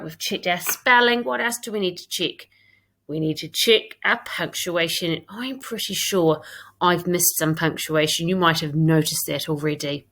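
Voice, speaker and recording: With a lowish voice and a sharp tone, a British-accented woman teaches a recorded English lesson to young pupils as their primary school teacher. She reads her own writing aloud and talks through it step by step.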